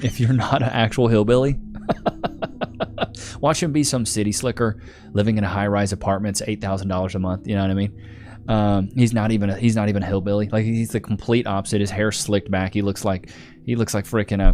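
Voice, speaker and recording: A man with a fairly low, slightly mellow voice talks briskly and with fairly even intonation over faint background noise. He's hosting a livestream, chatting casually and rambling while he thanks viewers and reads out their donations, laughing often.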